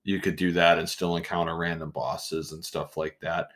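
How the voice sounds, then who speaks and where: A man co-hosting a casual chat, rambling and animated, often interrupting himself. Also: low voice, moderate pace. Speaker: podcast co-host.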